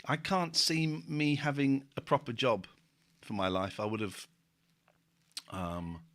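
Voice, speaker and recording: A man's voice: mid-range voice, steady tone, measured pace, a bit bright. A man hosting a casual late-night stream, reading out viewer comments with wry asides. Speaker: stream host.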